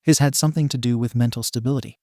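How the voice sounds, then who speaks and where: A man reading a fan fiction story aloud in a plain, steady way. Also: medium pitch, racing, no echo, studio quality. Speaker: narrator.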